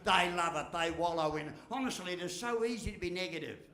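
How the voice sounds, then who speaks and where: Australian male motivational speaker, slightly high voice, blunt and jokey, echoey hall sound. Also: fast. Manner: blunt, jokey, lively delivery with mild swearing. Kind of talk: humorous keynote speech.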